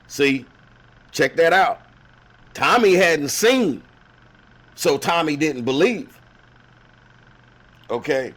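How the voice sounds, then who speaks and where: A man hosting a show, retelling a Bible story as casual comedy with slang, acting out the characters in lively voices. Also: on the high side, very slow, pauses often. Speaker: host.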